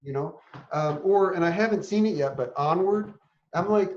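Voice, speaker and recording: A man's voice: high voice, moderate pace, a little mellow. A man co-hosting a casual podcast chat, giving blunt, self-deprecating opinions on films. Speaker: podcast co-host. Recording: echoey room, dull lo-fi sound.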